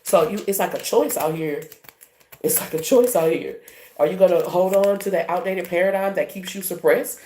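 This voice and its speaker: A tarot reader from Louisiana with a softened Louisiana accent, giving a reading to camera in an emphatic, colloquial way full of rhetorical questions. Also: mid-range voice, normal speed, slight background noise.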